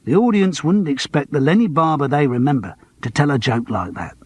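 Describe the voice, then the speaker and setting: A man playing a stubborn comedian in an audiobook who gets straight to the point in a husky, low-key voice. He stays flat and unbothered, and the sound is dry and close. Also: brisk, no echo. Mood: blunt. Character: blunt, stubborn male comedian.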